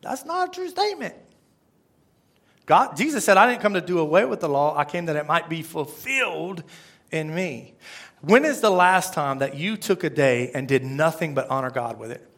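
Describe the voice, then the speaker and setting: A man's voice: on the high side, animated, normal speed, a bit bright. A man preaching a conversational sermon, often asking the congregation questions. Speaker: pastor.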